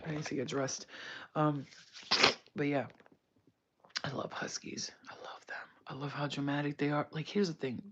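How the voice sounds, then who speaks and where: A woman's voice: deep voice, flat delivery, normal speed, long pauses, a little hiss or hum. A woman chatting casually on a live stream, rambling, swearing and laughing often. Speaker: livestreamer.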